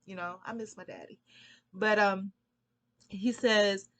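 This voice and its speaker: A woman tells a long story straight to her viewers in an unhurried, rambling way. Her voice sits in a plain middle register, and she laughs often as she drifts between thoughts. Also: medium pitch, steady tone, a bit bright. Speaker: vlogger. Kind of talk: casual storytelling vlog.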